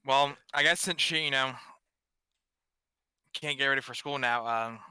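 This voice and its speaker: A man's voice: mid-range voice, unhurried, sharp tone, smooth, dry recording. A man playing in a tabletop game, talking hesitantly as he thinks aloud. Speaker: player. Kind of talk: casual play chat.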